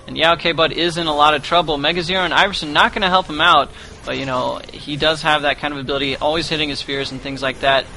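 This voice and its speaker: Bright-voiced male esports caster. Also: fairly high pitch, fairly even intonation, quick pace, a little hiss or hum. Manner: rambling with many "you know" fillers. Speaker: esports play-by-play commentator. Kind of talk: live game commentary.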